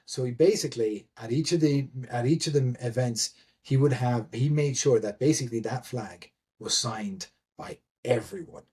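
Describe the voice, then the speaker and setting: A man's voice: medium pitch, normal speed, darkish tone. A man guest telling stories in a casual interview, rambling with many restarts and fillers, laughing and swearing freely. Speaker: guest, event admin.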